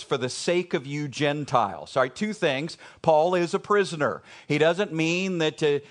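A man with a Texan accent preaching a conversational, emphatic sermon to his congregation, repeating key phrases for emphasis. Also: fairly high pitch. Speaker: pastor.

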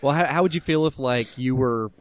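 A man's voice: mid-range voice, fairly quick, no echo. A man co-hosting a casual movie review podcast who laughs often and slips into put-on voices when quoting scenes. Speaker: podcast co-host.

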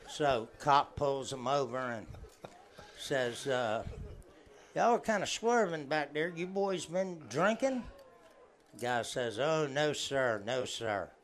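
A man telling folksy jokes to a live crowd, laughing at his own punchlines. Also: mid-range voice. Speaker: guest joke teller.

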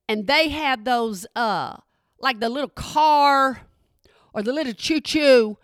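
A woman's voice: high voice, a bit bright, clear, resonant tone, no room sound, studio quality. A woman from Texas with a Texan accent, telling a chatty story and asking again and again if you hear her. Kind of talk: storytelling monologue.

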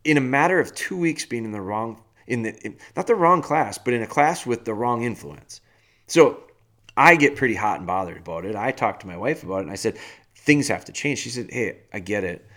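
A man hosting a dog-training podcast, delivering a blunt, animated rant in a casual way. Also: mid-range voice. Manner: blunt, animated, firm and fast-talking. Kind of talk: casual ranting monologue.

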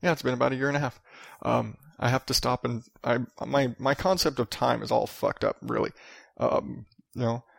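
Gravelly, profane man ranting on a podcast. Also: medium pitch, steady tone, normal speed, dry recording, clean studio sound. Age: 30s. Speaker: podcast host. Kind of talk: solo podcast rant.

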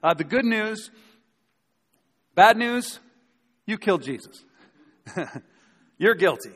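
A man's voice: sits high, sing-song, a little slow, fairly bright tone, husky. A male pastor preaching a sermon to a live congregation, talking conversationally, with emphatic points and rhetorical questions. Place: church sanctuary before a live congregation. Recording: long hall reverb.

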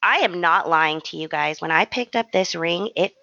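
A young adult woman co-hosting a podcast, telling a story in an animated, slangy, self-mocking way. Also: lowish voice, moderate pace, creaky, no echo, dull audio. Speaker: podcast co-host. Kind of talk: casual storytelling chat.

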